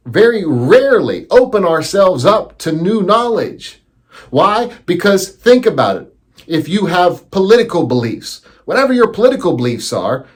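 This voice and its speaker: A man telling a teaching story as a lesson, animated and acting out the voices he quotes. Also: sits high.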